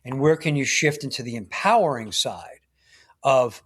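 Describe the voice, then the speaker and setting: An earnest man speaks as a guest on a podcast, explaining his coaching ideas with emphasis. His voice sits at an ordinary male pitch. He keeps checking in with his listener as he talks. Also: moderate pace, a bit bright. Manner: earnest, emphatic, often tags points with "right?". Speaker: guest, men's coach and author. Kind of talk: podcast interview conversation.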